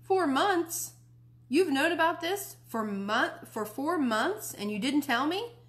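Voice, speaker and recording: A woman's voice: sing-song, slow pace, exaggerated voice. Woman voicing an outraged ten-year-old boy. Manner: shouting, high and outraged.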